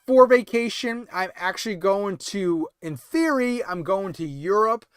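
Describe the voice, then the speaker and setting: Livestream host, man, late-night casual chat, tired and rambling, high-pitched, smooth clear voice, dry close sound. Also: expressive, dry recording. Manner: rambling, halting, many fillers and restarts. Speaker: toy collecting livestream host.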